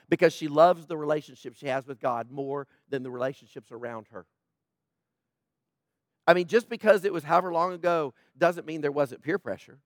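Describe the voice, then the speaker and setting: A man's voice: fairly high pitch, dry recording, studio quality. A man preaching a sermon in a conversational way, joking with people in the congregation. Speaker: pastor.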